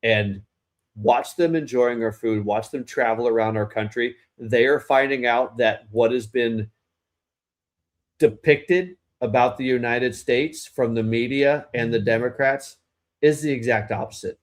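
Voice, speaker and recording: This medium-pitched man talks a little slowly as co-host of a casual political podcast. He's opinionated and prone to rambling, often breaking off mid-thought to restart a sentence.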